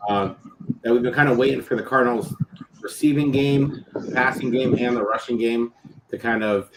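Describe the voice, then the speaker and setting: A man hosting a sports podcast, easygoing and steady as he works through numbers. His voice sits at a middle pitch, with faint background noise and small clicks. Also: moderate pace. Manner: steady, stat-heavy, easygoing. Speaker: podcast host. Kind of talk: casual chat.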